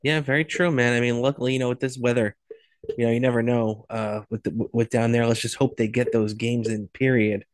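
A man's voice: medium pitch, level tone, a little fast. A man co-hosting a casual sports podcast, giving short agreeing replies and moving the talk to new topics. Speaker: podcast co-host.

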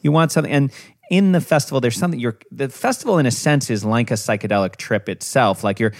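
Guy hosting a podcast, mid voice, thinking out loud, dry close sound. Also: medium pitch, animated, fast talker, dry recording. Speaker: podcast host. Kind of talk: casual podcast chat.

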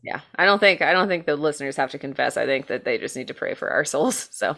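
With a deep, gravelly, bright voice, this American woman talks quickly, expressively and forcefully while co-hosting a true-crime podcast. She recounts a case in a casual, chatty way, packed with fillers, self-deprecating humor and occasional swearing.

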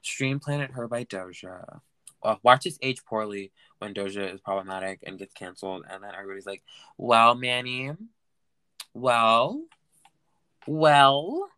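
A man hosting a solo recap podcast, talking in a campy, chatty way that swings between loud gushing and mumbled asides. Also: sits low, fairly even intonation, a little fast, no echo. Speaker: podcast host.

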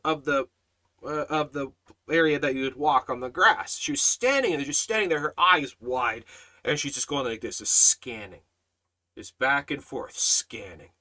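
Bright, forceful man teaching the Bible. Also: fairly high pitch. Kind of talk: Bible study talk.

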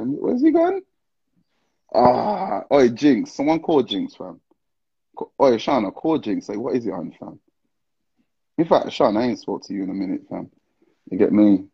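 A man hosting a casual livestream, tipsy and excitable, heavy on slang as he calls out to viewers. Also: fairly low pitch, breathy edge. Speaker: livestream host. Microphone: live stream with call-ins. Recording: dull lo-fi stream audio.

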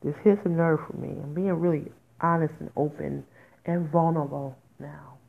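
A woman with a low, gravelly voice hosts a podcast and talks from the heart. She speaks in an informal, conversational way and keeps breaking into raw, emphatic bursts. The sound is thin and tinny, as if it came through a phone line. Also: fairly even intonation, normal speed. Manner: raw, candid, emphatic with sudden loud outbursts. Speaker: podcast host. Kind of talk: emotional personal monologue.

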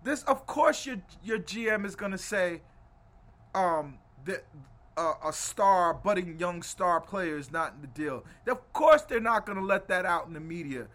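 A man hosting a casual sports podcast, animated and laughing, swinging between loud rants and low asides. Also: measured pace. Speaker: podcast host.

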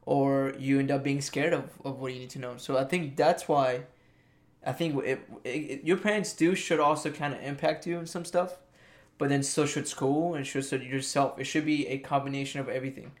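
A man's voice: mid-range voice, steady tone, moderate pace. A young man co-hosting a casual podcast, reasoning loosely with many restarts. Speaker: podcast co-host. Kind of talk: casual chat.

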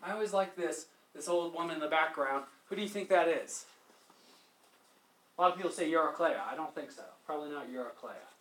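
A male teacher lecturing a class, animated, asking students questions and acting out quotes as he retells a story. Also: on the high side, brisk. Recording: echoey classroom.

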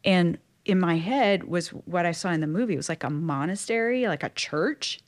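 Louisiana-raised nun, interview guest; slightly low female voice, chatty, expressive storyteller. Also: moderate pace. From Louisiana, USA. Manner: chatty, expressive, frequent "like" fillers. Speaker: guest, Catholic religious sister. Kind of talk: personal storytelling in conversation.

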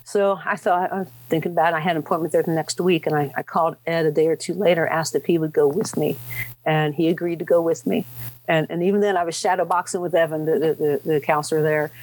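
A woman guest recounting a personal story in a halting, reflective way, with many restarts. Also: sits low, fairly even intonation, a little mellow, low-quality recording. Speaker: interview guest, author.

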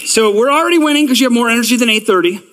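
A man in his thirties preaching a sermon to a congregation, energetic and conversational, often repeating words and restarting sentences. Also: extremely high pitch, racing, slight background noise. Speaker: pastor. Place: large church hall with long reverb. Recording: long hall reverb.

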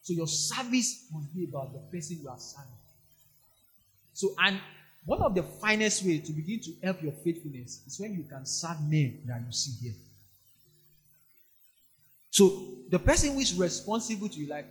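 A man with a Nigerian accent preaching a sermon, telling personal stories and swinging from soft asides to loud exclamations. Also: a little high, big pitch swings, moderate pace, long pauses, soft background music. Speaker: pastor.

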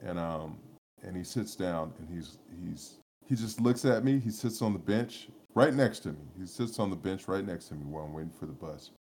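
A man talking on a podcast with a very deep, low voice. He tells his stories in a loose, rambling way, swearing freely, restarting sentences and laughing between them. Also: expressive, moderate pace, a little mellow, a little hiss or hum. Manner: rambling, profane, laughs often, lots of restarts. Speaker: podcast co-host. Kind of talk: casual chat, storytelling.

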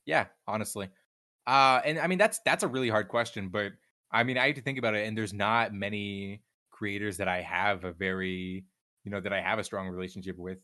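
A man's voice: on the low side, brisk, sharp tone. A young man in casual chat, candid and profane, rambling with frequent restarts. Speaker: streamer guest.

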